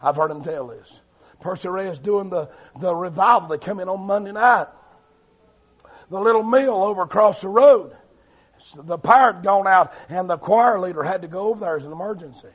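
A man preaching a fiery revival sermon, swinging between loud shouting and low, quiet delivery. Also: moderate pace, husky. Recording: dull lo-fi recording.

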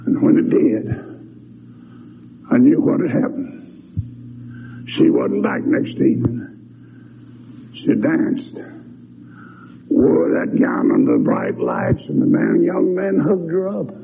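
Gravelly old preacher, fervent revival sermon. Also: male voice, mid-range voice, wildly swooping pitch, slow pace, long pauses. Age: older. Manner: fervent, swings into shouted cries. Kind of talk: revival sermon with altar call. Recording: dull lo-fi recording, faint hiss.

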